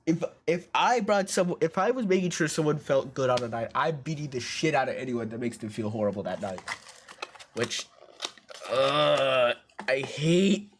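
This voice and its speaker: A male streamer reacting excitedly while reading a story game aloud, swearing often and raising his voice. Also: mid-range voice, normal speed, slight background noise. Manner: excitable, swearing, loud outbursts.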